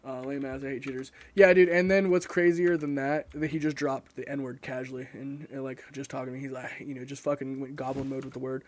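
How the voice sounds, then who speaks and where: A man's voice: medium pitch, level tone, brisk, few pauses, no echo. A young man chatting casually and rambling while he streams a game, cursing often and mocking himself. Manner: rambling, profane, self-mocking. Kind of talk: casual live-stream chat while gaming.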